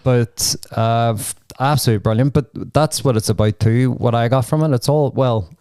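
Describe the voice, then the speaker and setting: A man's voice: mid-range voice, moderate pace, mellow, clear, resonant tone, no room sound. A man, a podcast co-host in casual chat, rambling with lots of fillers and swearing freely.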